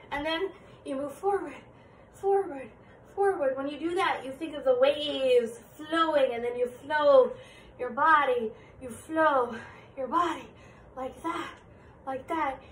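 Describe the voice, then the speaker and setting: High-voiced chatty woman vlogger. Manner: chatty, encouraging. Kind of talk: casual dance tutorial. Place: indoor room. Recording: echoey room, distant mic, faint noise.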